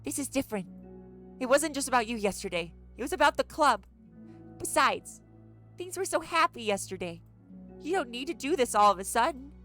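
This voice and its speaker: A streamer reading out the lines of an upbeat teenage girl who is anxious beneath her cheer, in a bright, rising, pleading voice. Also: high voice, expressive, moderate pace, long pauses, soft background music, voice pushed up. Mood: upset. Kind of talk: reading visual novel dialogue aloud.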